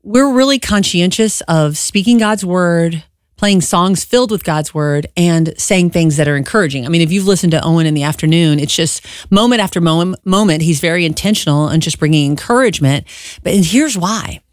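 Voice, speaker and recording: A woman co-hosting a Christian radio fundraiser from a studio. She speaks earnestly and with warmth of purpose, often laughing. Her voice sounds close and dry, with no room around it. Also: lowish voice, a little fast, no echo. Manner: earnest and encouraging, laughs easily. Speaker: radio co-host. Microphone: studio microphone.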